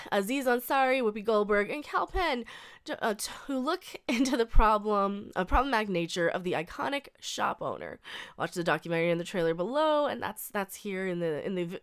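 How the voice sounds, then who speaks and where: A woman's voice: on the high side, a bit bright, smooth. A woman in her thirties reading a news article aloud and breaking into blunt, profane rants, often restarting her sentences. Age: 30s. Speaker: reaction video host.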